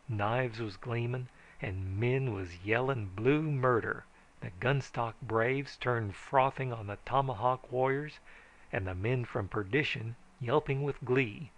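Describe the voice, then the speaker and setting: A man reading a frontier tall tale aloud as an audiobook, in a folksy first-person telling that rises to shouts for the characters. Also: mid-range voice. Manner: folksy first-person storytelling, raising his voice for shouted lines. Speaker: audiobook narrator.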